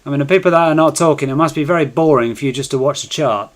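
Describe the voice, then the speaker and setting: A man's voice: on the high side, racing. A man hosting a live trading stream, chatting casually and coaxing viewers to join in.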